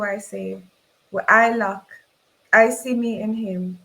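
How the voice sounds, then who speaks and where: A woman with a Jamaican accent reading a novel aloud in first person, expressive and dramatic. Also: medium pitch, slow, creaky, rough recording. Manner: expressive, voices the characters in dialogue. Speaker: reader.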